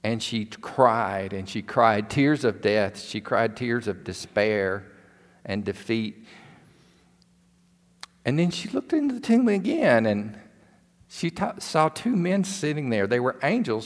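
Male pastor, sermon storyteller, emphatic and repetitive, deliberate pace, echoing sanctuary. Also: lowish voice, lively intonation. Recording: long hall reverb.

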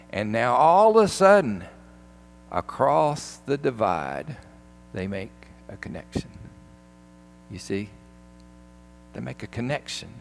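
A pastor giving a sermon, retelling a film scene in an animated, emphatic way. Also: male voice, medium pitch, creaky.

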